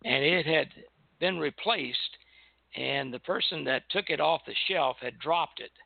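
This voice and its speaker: An older man, a retired airline pilot, telling relaxed anecdotes on a call-in show and chuckling as he goes. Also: a little high, measured pace, creaky, dry recording. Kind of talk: casual reminiscing on a call-in show. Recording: tinny phone line.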